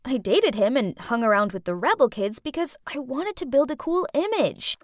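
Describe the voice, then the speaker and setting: A woman narrates a first-person storytime in a chatty, dramatic teen voice. Her pitch sits high and swings widely, and the recording is close and completely dry. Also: sing-song, normal speed, no room sound.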